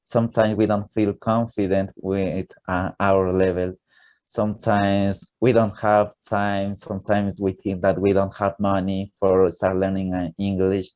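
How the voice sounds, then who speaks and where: A man's voice: low voice, flat delivery, measured pace, darkish tone, muffled recording. A man from Ecuador with an Ecuadorian Spanish accent, a native Spanish speaker chatting eagerly as a podcast guest, laughing often and using simple learner grammar. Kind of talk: casual interview chat.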